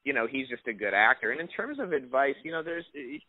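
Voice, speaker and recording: A man's voice: mid-range voice, wildly swooping pitch, fast, gravelly, dry recording. A young adult man, an actor, answering interview questions in a casual, rambling way with many restarts. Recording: dry tinny phone-line audio.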